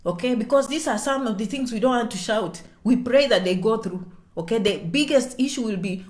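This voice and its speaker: Woman, slightly high voice, chatty explainer who drops to a whisper on sensitive points. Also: a little fast. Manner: checks in with "okay?" constantly; animated, swings between loud and soft. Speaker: immigration vlogger. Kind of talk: casual explainer to viewers.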